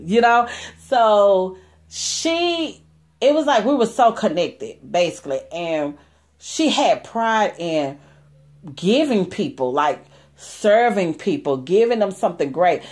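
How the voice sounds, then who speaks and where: A woman, telling a personal story to her viewers in a chatty, animated way with many asides. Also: medium pitch, a little slow.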